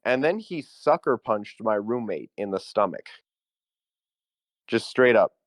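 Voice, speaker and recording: A young man on a podcast, telling a story in a casual, animated way with lots of "like" fillers and laughs. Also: fairly low pitch, measured pace, dry recording. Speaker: podcast co-host.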